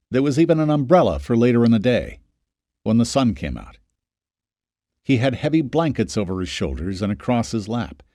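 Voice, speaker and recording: Male audiobook narrator, lively pitch, dry close studio sound. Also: dry recording. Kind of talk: scripted narration.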